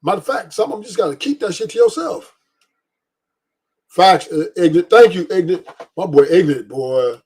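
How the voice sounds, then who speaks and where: A man's voice: high-pitched, animated, brisk, long pauses, a little mellow, breathy edge. A man hosting a livestream, ranting bluntly with profanity and repeated emphasis. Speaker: podcast host. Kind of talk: livestream commentary rant.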